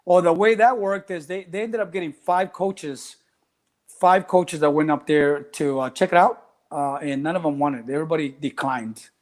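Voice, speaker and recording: A man tells coaching stories in a casual interview, slightly high in pitch for a man. He acts out each person he quotes and slips in Spanish phrases. He sounds middle-aged. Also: normal speed, a little mellow. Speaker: track and cross country coach.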